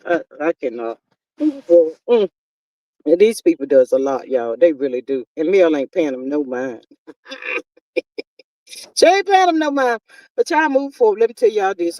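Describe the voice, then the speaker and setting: A woman's voice: mid-range voice, a little mellow, no room sound, distant mic, poor audio. A woman, chatting casually and exasperatedly as a live-stream commentary host. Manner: exasperated, talkative, drawn-out exclamations.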